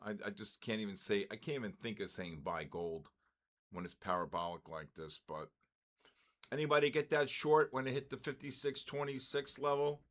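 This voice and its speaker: An older man hosting a live trading stream, giving excitable market commentary, greeting viewers and stumbling over his words. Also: lowish voice, normal speed.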